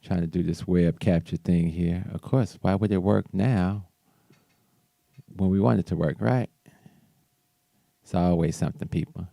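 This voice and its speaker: A man with a low, mellow voice talks politics on his own show. He speaks loosely, stumbling and restarting as he goes. The sound is dry and close, with no room around it. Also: fairly even intonation, a little slow, vocal fry, pauses often, no room sound. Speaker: show host. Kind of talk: casual political commentary.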